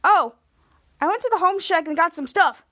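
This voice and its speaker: A woman's voice: very high voice, moderate pace, pushed and bright, voice pushed up. A woman voicing an overbearing, goofy adult male superhero who lectures in a fussy, parental way. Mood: bossy, chipper.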